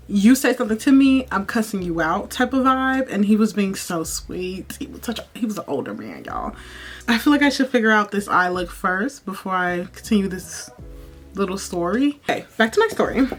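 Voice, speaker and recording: A woman's voice: medium pitch, fairly bright tone. A young woman vlogging, chatting casually and telling a childhood story while doing her makeup, often calling the viewers y'all. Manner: chatty, repeats herself, addresses viewers as y'all.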